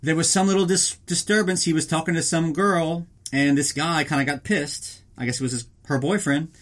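A man's voice: on the high side, steady tone, moderate pace, fairly bright tone. A man hosting a podcast, recapping a film in casual, rambling, profane talk and joking about himself in the third person. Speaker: podcast host.

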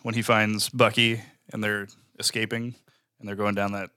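A man's voice: on the low side, level tone, normal speed, noisy background. A man co-hosting a podcast, joking and chatting easily, sometimes trailing off. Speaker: podcast co-host. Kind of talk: casual podcast banter.

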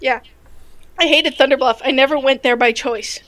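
A woman's voice: high voice, fairly even intonation, normal speed, a bit bright. A woman in a casual gaming chat over a call, talking bluntly and swearing as she vents. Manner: blunt, swears when venting.

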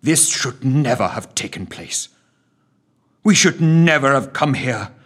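A man's voice: mid-range voice, animated, slow pace, a bit bright, slightly rough, pitched above the performer's own voice, exaggerated voice. A man voicing a frightened statesman who speaks in trembling, doom-laden tones, in a storybook reading. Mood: fearful. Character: frightened older statesman, shaken and fearful.

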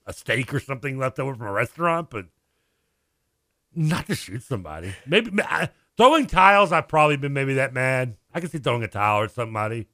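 Male sports radio co-host, expressive rising and falling voice, dry booth, keeps asking "I mean". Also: medium pitch, dry recording. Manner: incredulous, rapid questions, frequent laughs and "I mean". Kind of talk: casual sports radio chat. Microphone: studio microphone.

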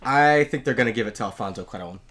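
A podcast co-host in casual chat, relaxed and wry, who starts lines with filler "uh"s while reading out nominees. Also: mid-range voice, fast talker, slight background noise.

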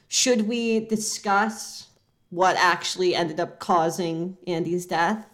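A woman co-hosting a comedy podcast, talking in a dry, rambling, deadpan way. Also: lowish voice, slow pace. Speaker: podcast co-host.

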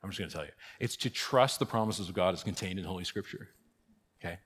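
A man's voice: low-pitched, quick pace, a bit bright, husky. A middle-aged man, a pastor, giving a conversational catechesis talk, checking in often with "okay?" and "right?". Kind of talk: catechesis teaching. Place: church hall. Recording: long reverb of a large hall.

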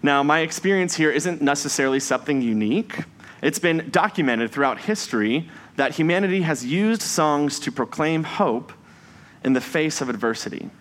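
A man preaching a Sunday sermon in a measured, reflective way, slowing down for emphasis on key phrases. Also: fairly high pitch, lively intonation.

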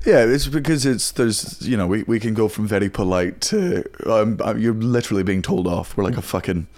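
Scottish man, low and blunt. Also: a little mellow. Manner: blunt and profane, quick to agree. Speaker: guest comedian. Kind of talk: casual chat.

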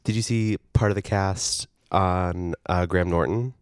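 A man guest on a podcast, chatting casually about films and music, quick and opinionated. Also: low-pitched, steady tone, clean tone, no room sound, clean studio sound. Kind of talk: casual film and music chat.

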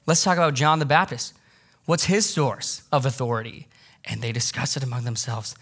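A man pastor preaching a sermon, animated, acting out quoted voices and repeating for emphasis. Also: mid-range voice, normal speed.

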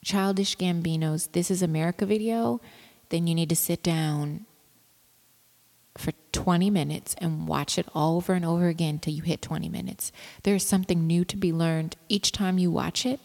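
A woman's voice: fairly low pitch, fairly even intonation, moderate pace, darkish tone, in a large hall. A woman rambling casually about her home brewing, with lots of fillers and restarts. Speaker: home brewer. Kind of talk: casual vlog chat.

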